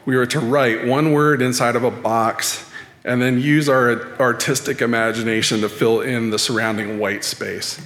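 A man giving a sermon-style talk at church, measured and dryly self-deprecating. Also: medium pitch, fairly even intonation, fairly bright tone. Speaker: lay speaker at church. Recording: echoey hall with long reverb.

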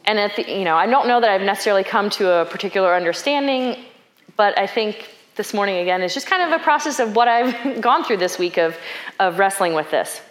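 A woman's voice: mid-range voice, animated, fairly quick, echoey room. A woman preaching a sermon in a reflective, conversational way, thinking aloud and asking questions.

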